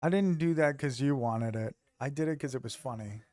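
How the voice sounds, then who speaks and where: A man's voice: medium pitch, a little fast, warm tone, no room sound. A man streaming from home, chatting loosely with his viewers, joking and swearing casually. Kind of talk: casual chat with live viewers.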